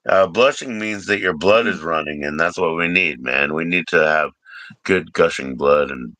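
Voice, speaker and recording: A man's voice: sits low, normal speed, pushed and bright, dry recording. A man hosting a livestream in casual chat, joking, teasing and swearing freely. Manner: joking, profane, teasing banter. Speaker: livestream host.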